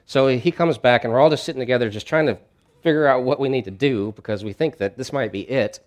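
A man's voice: mid-range voice, quick pace. A man preaching a sermon as a pastor, telling a story in a conversational way with frequent restarts.

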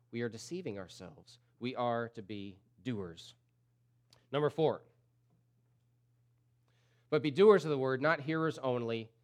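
Emphatic male pastor preaching. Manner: swings from loud emphatic peaks to low quiet drops; repeats key phrases for emphasis. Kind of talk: sermon.

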